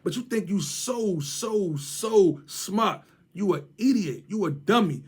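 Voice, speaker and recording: A man's voice: high voice, animated, takes it slowly, a little mellow, breathy edge. A man with a Washington DC area accent, ranting and mocking someone to camera in heavy street slang, repeating his jabs. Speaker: vlogger.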